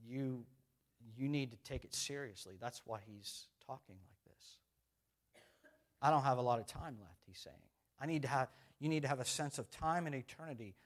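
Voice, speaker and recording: A man's voice: mid-range voice, moderate pace. A middle-aged man preaching a conversational sermon as pastor, repeating phrases and putting questions to the congregation.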